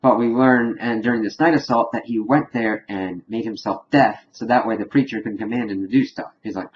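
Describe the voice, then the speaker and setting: A man's voice: on the low side, fairly quick, few pauses, muffled recording, slight background noise. Rambling man recapping a TV episode. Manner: rambling, animated retelling with laughs. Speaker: TV episode reviewer. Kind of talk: casual spoiler recap.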